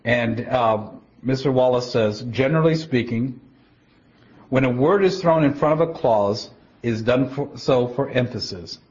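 Man giving a slow Bible teaching. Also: medium pitch, darkish tone. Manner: explanatory, deliberate, with restarts and quotations. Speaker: preacher. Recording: dull lo-fi recording.

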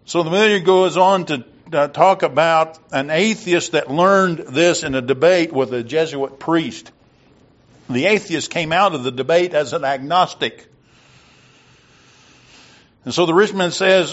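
A man preaching a sermon and retelling a story in a slow, deliberate way, on a dull lo-fi recording. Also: fairly high pitch.

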